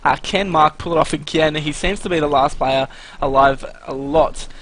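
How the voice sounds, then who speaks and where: Fairly high-voiced male color commentator. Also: moderate pace, a bit bright, low-quality recording. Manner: analytic, laced with "uh" and "anyway" fillers. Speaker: esports commentator. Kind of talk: live color commentary and stat rundown.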